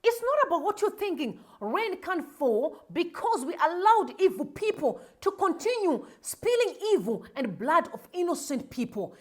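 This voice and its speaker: Zimbabwean woman host, high animated delivery, fiery preachy commentary. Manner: emotional, preachy, switches into Shona. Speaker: show host. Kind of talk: impassioned commentary.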